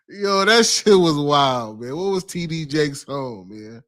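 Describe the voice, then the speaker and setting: A man's voice: on the high side, animated, slow pace, long pauses, a bit bright. Laid-back man joking between laughs. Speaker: co-host. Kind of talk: casual sports watch-along chat.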